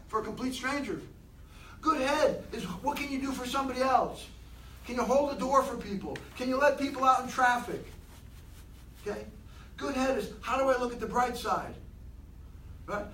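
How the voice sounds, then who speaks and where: A man giving an animated motivational talk to a room of people, asking them many questions. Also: very high-pitched, a little fast, reverberant, far from the mic, a little hiss or hum, rough recording. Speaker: motivational speaker.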